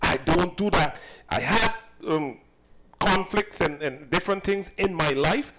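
A man's voice: a little high, unhurried, a bit bright, a little hiss or hum, low-quality recording. Emphatic man recounting a clash. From Saint Kitts. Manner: emphatic, indignant, repeats himself. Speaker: cook and business owner. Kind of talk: recounting a personal incident.

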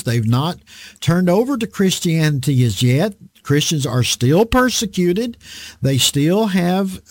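A man preaching an online Bible study sermon, slow and deliberate, drawing out words for emphasis. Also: high-pitched, a little mellow, dry recording.

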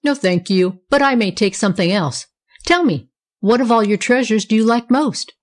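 Lady putting on a creaky wavering old fairy godmother, stern storybook type. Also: fairly high pitch, normal speed, natural voice. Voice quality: cracked, wavering.

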